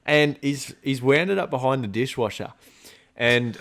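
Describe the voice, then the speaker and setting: An Australian man co-hosting a podcast, telling animated stories in casual chat, swearing freely and laughing often. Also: mid-range voice, measured pace, vocal fry. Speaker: podcast co-host.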